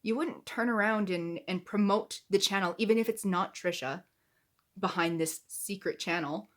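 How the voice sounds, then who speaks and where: A woman's voice: medium pitch, normal speed. A woman giving heated, indignant reaction commentary to camera, swearing as she gets angry. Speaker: YouTube commentator.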